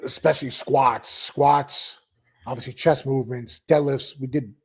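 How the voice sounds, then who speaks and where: A man with a husky, slightly raspy voice talks casually on a podcast. He coaches clients and keeps the conversation moving with follow-up questions. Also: medium pitch, fairly even intonation, a little slow. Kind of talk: casual chat.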